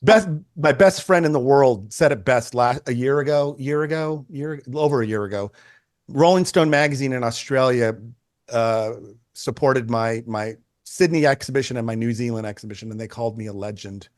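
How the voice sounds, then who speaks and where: A man in his sixties, a photographer telling stories in a casual interview, animated and chatty, often restarting his sentences and swearing freely. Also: medium pitch, moderate pace, no room sound, studio quality. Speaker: photographer guest.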